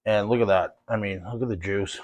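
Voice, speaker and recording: A man's voice: lowish voice, fairly even intonation, fairly quick, slight background noise. A man hosting a cooking show, talking viewers through a demonstration in a casual, folksy and enthusiastic way.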